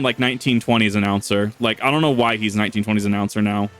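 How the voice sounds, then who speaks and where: A man's voice: lowish voice, steady tone, fast talker, fairly bright tone, clear, resonant tone, soft background music. Jokey, self-deprecating male gaming streamer. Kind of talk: casual game commentary.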